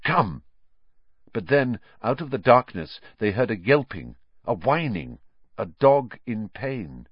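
Male narrator, slow dramatic storybook reading, lively pitch, dry muffled sound. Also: slightly rough, no room sound. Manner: slow, tense, expressive reading. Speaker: audiobook reader.

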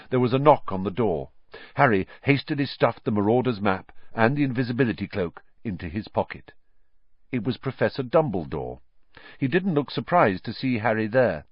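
Expressive male audiobook narrator. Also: on the low side, moderate pace, no echo. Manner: expressive, varied intonation. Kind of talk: scripted story narration. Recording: dry, slightly dull lo-fi audio.

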